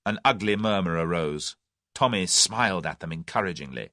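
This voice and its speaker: A man narrating a classic mystery with a lively, dramatic delivery and a lower-pitched voice. The recording is close-miked and dry, as in a sound booth. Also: normal speed, no echo. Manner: expressive, dramatic reading. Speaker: audiobook narrator. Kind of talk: scripted narration.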